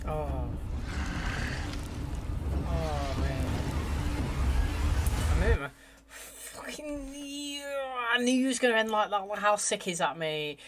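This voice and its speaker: A man's voice: high-pitched, slow pace, pauses often, background noise. A young man with an English accent, chatting casually as he reacts to a TV episode, saying "mate" often. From England. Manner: chatty, animated, says "mate" a lot. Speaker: TV reaction host.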